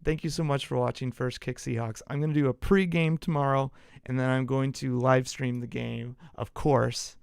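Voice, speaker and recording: Fired-up, gravelly sports host. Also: male voice, mid-range voice, normal speed, no echo, clean studio sound. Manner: excitable, profane and pumped up. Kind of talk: casual hyped-up sports talk.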